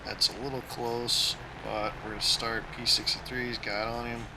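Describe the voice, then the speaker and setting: A man's voice: mid-range voice, flat delivery, moderate pace, gravelly, background noise. A man hosting his own gaming channel, giving a casual, tactical play-by-play of his flight game as he plays.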